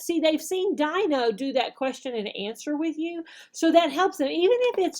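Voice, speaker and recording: A woman talks through teaching techniques for online English lessons. Her voice sits a little high. She keeps stopping to act out example phrases slowly and big, then checks in with "okay?". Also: animated. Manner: demonstrates phrases slowly and exaggerated, tags "okay?". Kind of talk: instructional video talk.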